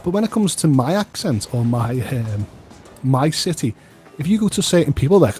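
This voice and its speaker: A man's voice: mid-range voice, big pitch swings, moderate pace, darkish tone, faint music behind. An English man with a Scouse accent, chatting casually as co-host, often repeating his words as he talks. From England. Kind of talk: casual chat over gameplay.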